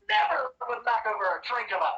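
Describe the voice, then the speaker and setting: A stubborn swamp hag shrieks that she'll never pay, as a man puts her on. Her voice is thin and high, heard through dull, muffled voice chat. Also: wildly swooping pitch, fairly quick, sharp tone, recorded from a distance, full character voice. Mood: huffy. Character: stubborn green coven hag, female.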